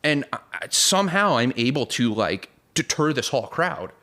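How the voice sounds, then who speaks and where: A man's voice: mid-range voice, very animated, moderate pace, bright, forceful tone. A young man telling a long story in casual chat, rambling and full of "like", "dude" and "bro", and acting out the voices of people in it. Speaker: podcast guest.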